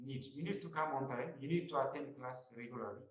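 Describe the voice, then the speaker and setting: A man's voice: medium pitch, quick pace. Guy teaching grammar, keeps asking right?, muffled roomy sound. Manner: repeats points and checks with "right?". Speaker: college English lecturer. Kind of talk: classroom lecture. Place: classroom. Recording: echoey muffled classroom recording.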